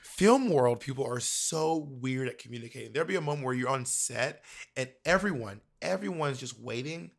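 A man who performs in drag and acts, telling stories in a casual chat over a video call, animated, campy and profane. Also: mid-range voice, moderate pace, gravelly. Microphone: remote video call.

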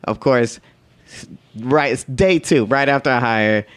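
This man's mid-range voice is smooth and a little slow. Chatting casually, he tells a workplace story full of slangy, profane talk, laughing often and animatedly acting out what other people said.

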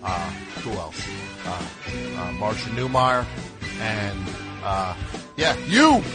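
A man's voice: on the low side, very animated, slow pace, over loud music. A man hosting a comedy call-in radio show, asking a caller questions in a dry, bemused way. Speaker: radio host.

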